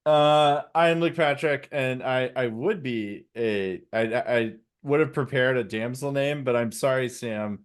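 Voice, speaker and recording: A man's voice: medium pitch, unhurried, hardly any pauses, clean tone. A sleepy man co-hosting a casual comedy podcast, rambling and self-deprecating, tripping over his words. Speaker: co-host.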